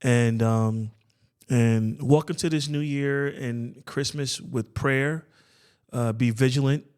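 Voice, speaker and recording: A man's voice: mid-range voice, steady tone, slow pace, a little mellow, smooth. A man co-hosting a podcast in casual chat, rambling and playful, often repeating and restarting his words. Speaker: podcast co-host.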